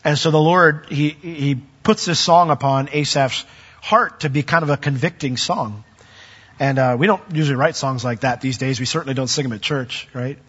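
A man preaching a sermon as pastor, chatting with the congregation in asides and building to loud, emphatic peaks when he reads scripture. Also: medium pitch, moderate pace, breathy edge, big-room sound, dull audio.

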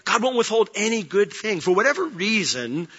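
A man preaching a sermon with emotion, moving between raised passionate delivery and quiet reflective speech. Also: sits high, sing-song, normal speed, slightly rough, muffled recording. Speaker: pastor.

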